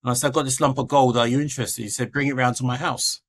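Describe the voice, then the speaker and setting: A man's voice: medium pitch, little pitch movement, quick pace, a bit bright. A middle-aged man, a podcast guest telling his life story and acting out the voices of the people in it. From England.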